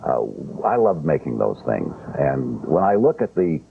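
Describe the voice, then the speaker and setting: Low-voiced man telling old film stories. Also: big pitch swings, a little slow, vocal fry. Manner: wry, unapologetic storyteller. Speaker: film director guest. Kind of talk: interview chat. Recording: tinny lo-fi broadcast sound, faint hiss.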